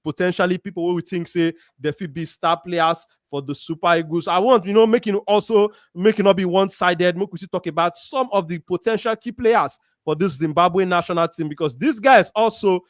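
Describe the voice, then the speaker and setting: A man from Nigeria, speaking with a Nigerian Pidgin accent, hosts a casual football chat show, reading out viewer comments and giving lively shout-outs. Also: sits high, dry recording, clean studio sound. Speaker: show host. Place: Warri, Nigeria.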